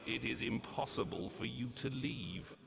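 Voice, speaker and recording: A gravelly, ancient demon mocks his foe in a slow, theatrical drawl. The voice creaks heavily. A steady noise sits under this game cutscene. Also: medium pitch. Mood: boastful. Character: sinister ancient demon villain, gloating and mocking.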